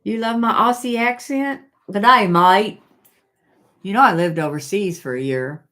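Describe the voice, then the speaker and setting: An older woman hosting a casual live stream, chatting with viewers and reading their comments aloud in a halting way, with many fillers and restarts. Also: mid-range voice, sing-song, fairly bright tone.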